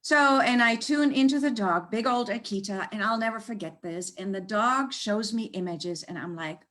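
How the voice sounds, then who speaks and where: A woman working as an animal communicator, telling stories in an animated, conversational way and laughing often. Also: fairly high pitch, moderate pace. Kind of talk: storytelling in a conversational interview. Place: United States.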